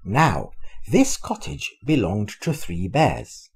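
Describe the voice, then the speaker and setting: An older man reads a children's storybook aloud to his grandchildren. His voice is gravelly and husky, and it rises and falls with lively expression. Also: on the low side, slow pace. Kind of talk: storybook reading.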